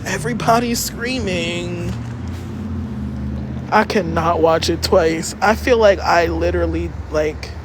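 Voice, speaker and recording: Out on an echoey, noisy city street, a woman speaks slowly in a fairly low voice during a casual livestream. She rambles to her viewers, cursing freely and mentioning that she's cold.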